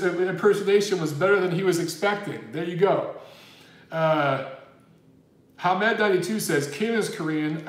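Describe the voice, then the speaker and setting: This boxing livestream host speaks in a high, reverberant voice. Chatting casually, he rambles through viewer super chats and keeps throwing in "dude."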